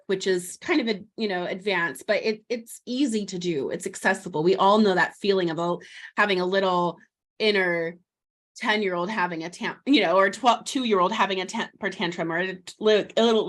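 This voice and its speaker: A woman guest in a parenting interview, explaining child development in lively, talkative bursts, often slipping into a gentle voice to model what a parent says to a child. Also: medium pitch. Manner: animated, warm explaining, acts out soothing words to a child; frequent restarts and fillers, laughs lightly.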